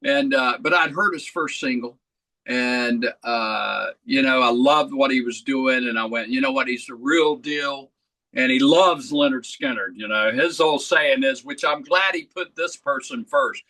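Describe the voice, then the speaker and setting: A man, a rock singer, talking as an interview guest and telling stories in an easygoing, animated way. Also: medium pitch, unhurried, low-quality recording. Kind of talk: conversational storytelling.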